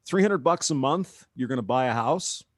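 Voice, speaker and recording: A man's voice: mid-range voice, lively intonation, normal speed, dry recording, studio quality. A man on a casual talk show, sounding incredulous and chuckling as he argues his point.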